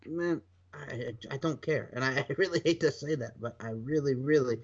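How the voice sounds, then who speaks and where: Man, casual podcast host, rambling and animated, medium pitch, dull lo-fi audio. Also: moderate pace. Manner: animated, rambling, swears and laughs often. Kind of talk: casual chat. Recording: dull lo-fi sound.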